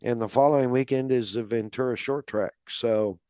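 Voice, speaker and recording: A man's voice: mid-range voice, fairly even intonation, moderate pace, warm tone, clear, resonant tone, dry recording, studio quality. A man hosting a casual podcast, rambling along with many fillers as he runs through plans and thanks sponsors. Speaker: podcast host.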